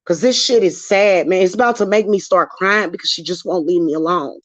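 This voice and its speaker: A woman's voice: lowish voice, fairly quick, no room sound. A woman venting in a casual vlog, heated and emotional, swearing freely as she talks about spiritual work. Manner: heated, profane, emotional ranting. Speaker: witchcraft vlogger. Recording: dull, dry lo-fi sound.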